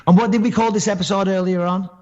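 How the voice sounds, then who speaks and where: A man's voice: sits high, fairly even intonation, fast talker, a little mellow, highs cut off. A man hosting a podcast in casual chat, a rambling storyteller who swears freely. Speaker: podcast host.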